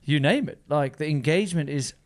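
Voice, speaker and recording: A man's voice: fairly high pitch, lively intonation, brisk. A man hosting a podcast in casual, enthusiastic chat, laughing often and restarting sentences. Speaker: podcast host.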